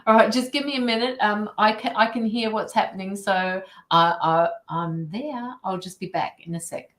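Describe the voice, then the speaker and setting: A woman's voice: mid-range voice, moderate pace, a bit bright, echoey room. Easygoing woman hosting a tarot live stream. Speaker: tarot reader and stream host. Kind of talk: casual live-stream chat.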